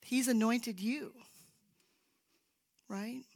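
Slow, unhurried woman preaching. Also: fairly high pitch, fairly even intonation, darkish tone. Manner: storytelling, drops to a whisper for emphasis. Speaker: church speaker. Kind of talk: sermon-style teaching. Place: church sanctuary.

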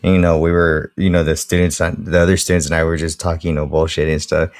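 A man's voice: deep voice, little pitch movement, quick pace, dry recording, studio quality. A man casually telling a story from his school days, meandering and swearing and laughing at himself.

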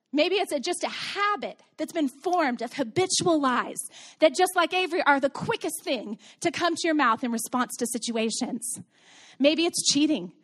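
A woman in her thirties preaching a sermon to her congregation in a conversational way, telling stories and asking rhetorical questions. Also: high-pitched. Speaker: pastor. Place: church sanctuary with congregation.

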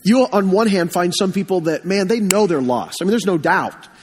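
A man's voice: high voice, lively intonation, moderate pace, a little mellow, slight background noise. A man preaching a sermon as pastor, earnest and storytelling, recovering from being sick. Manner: earnest preaching with stories and repeated phrases. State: recovering from illness this week. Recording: long hall reverb.

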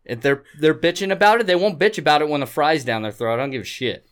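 A man's voice: a little high, fast, clean tone. Blunt, profane man ranting on a podcast. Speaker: podcast co-host. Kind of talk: casual podcast rant.

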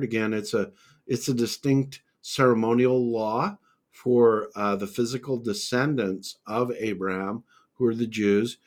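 A man teaching on a Bible podcast, methodical and conversational, laying out points one by one with scripture references. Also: mid-range voice.

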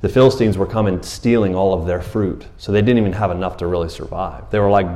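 Casual pastor preaching in church, man with a lowish voice, jokey and loose. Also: fairly even intonation, quick pace, mellow. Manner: casual and joking, acts out Bible figures in raised voices. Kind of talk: sermon.

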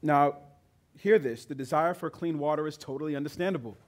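A male pastor preaching a sermon with emphatic delivery that builds to loud, high peaks. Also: fairly quick.

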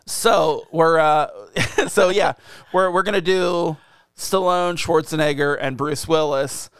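A man's voice: a little high, steady tone, takes it slowly, a bit bright, clear, resonant tone, no room sound, clean studio sound. A man co-hosting a casual podcast, teasing his co-host and steering the conversation. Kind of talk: casual chat.

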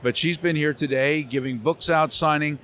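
A man's voice: fairly high pitch, normal speed. A man who works as a voice actor, telling stories animatedly in an interview at a convention center and slipping into character voices. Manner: lively, slips into character voices. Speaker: voice actor guest.

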